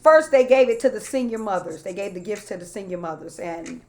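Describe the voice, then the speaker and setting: A woman's voice: medium pitch, animated, fairly quick, darkish tone, faint music behind. A middle-aged woman pastor talking straight to her viewers in a folksy way, often saying y'all, and building into a rhythmic preaching cadence. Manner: folksy, talks straight to listeners with repeated y'all. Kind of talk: sermon-style live talk to viewers.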